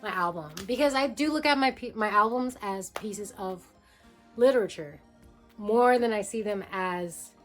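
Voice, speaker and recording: A young woman musician talking casually to camera about making her album, full of fillers and quick asides. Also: mid-range voice, faint music behind. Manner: chatty, filler-heavy, jumps into quoted voices.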